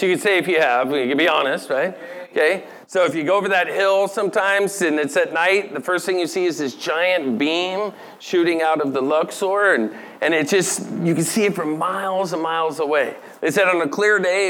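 A man's voice: fairly high pitch, a bit bright, slight background noise. A middle-aged man preaching a sermon, talking casually and asking the audience questions. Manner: conversational, asks the audience questions, laughs lightly. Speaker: pastor.

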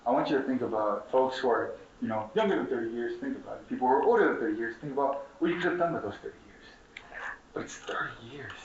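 His mid-range voice races along with hardly a pause as this young Chicago community organizer of Mexican descent rallies a conference crowd, swearing, repeating points, and firing questions at listeners. Captured from a distance in a dull, roomy space, the audio has a little hiss or hum.

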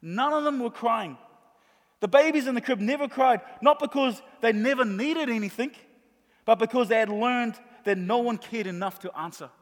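A middle-aged man preaches a sermon in a fairly high voice, driving home each point by saying it again. His voice rings out through a large hall with a long reverb trailing behind his words. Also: normal speed. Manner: warm storytelling with emphatic repetition.

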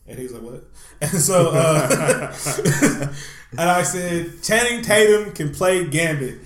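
A man's voice: fairly high pitch, lively intonation, takes it slowly, crowd noise. A man co-hosting a casual chat podcast, telling stories animatedly and swearing freely. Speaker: podcast co-host. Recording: roomy echo.

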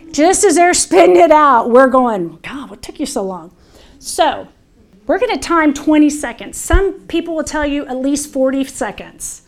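Earnest Southern woman giving a talk. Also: high voice. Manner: earnest, conversational, with frequent restarts. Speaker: dementia care educator. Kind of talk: presentation to an audience.

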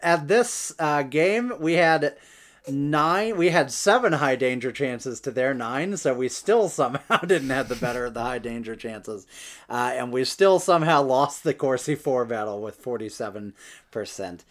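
Lively, joking sports podcast host. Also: mid-range voice, a little slow. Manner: joking, reads stats and quotes. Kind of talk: casual sports podcast chat.

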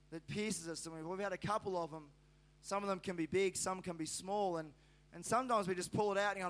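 High-voiced man preaching. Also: fairly quick, a bit bright. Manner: rambling, anecdotal, many fillers and restarts. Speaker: pastor. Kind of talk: sermon with personal story.

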